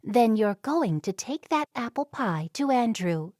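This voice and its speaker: A woman's voice: a little high, sing-song, unhurried, a little mellow, dry recording, clean studio sound, pitched above the performer's own voice. A woman voicing a motherly Amish woman in an audiobook, speaking in a firm, knowing way.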